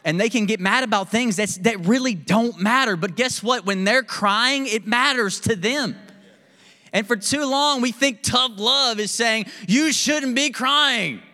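A man's voice: sits high, a little slow, bright, forceful tone, in a large hall. A man preaching a sermon as pastor, candid and self-deprecating in a conversational way. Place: church sanctuary.

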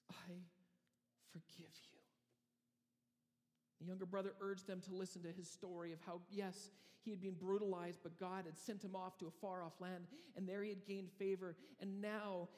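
A man preaching a sermon, telling a story with dramatic pauses and frequent restarts. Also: high voice, darkish tone, long reverb tail. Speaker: pastor.

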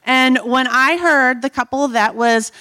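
A woman's voice: high-pitched, sharp tone, clear, resonant tone, no room sound. A woman church leader who earnestly introduces the guest speakers from the stage. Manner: earnest, quick, calls guests up.

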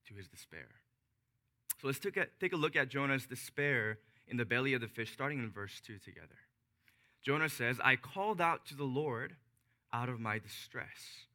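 A man preaching a sermon as a pastor, emphatic, slowing and dropping to a hush on key phrases. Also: mid-range voice.

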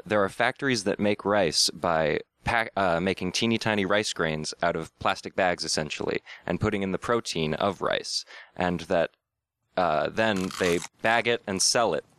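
A man guesting on a casual podcast, explaining things in a deadpan, rambling way. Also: low voice, moderate pace, smooth, dry recording. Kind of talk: casual drunken chat.

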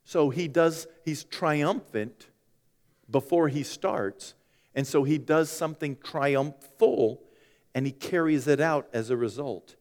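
Man, pastor, sermon, chatty with jokes, high voice, long hall reverb. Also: slow pace, darkish tone. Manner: conversational, joking asides to the congregation.

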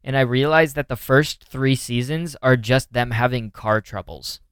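A man's voice: mid-range voice, normal speed, fairly bright tone, smooth, dry recording, clean studio sound. A young man co-hosting a casual chat, rambling with lots of fillers and restarts. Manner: rambling, filler-heavy, trails off mid-sentence. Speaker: podcast co-host.

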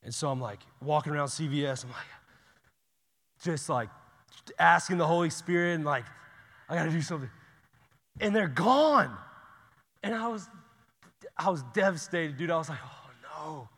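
A man preaching a sermon in a casual, conversational way, swinging from loud urgent bursts to hushed near-whispers. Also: fairly high pitch, animated, moderate pace, pauses often, big-room sound. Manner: casual and conversational, says "y'all" and "dude".

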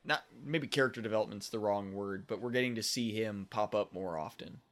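A man's voice: lowish voice, brisk, a bit bright. A man co-hosting a podcast, chatting casually about a kids' show episode, rambling with restarts and fillers. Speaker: podcast co-host. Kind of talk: casual chat.

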